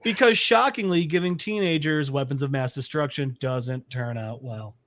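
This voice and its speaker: A man co-hosting a casual podcast, recapping a comic in an animated way, swearing freely and laughing at his own asides. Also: mid-range voice, normal speed. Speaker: podcast co-host.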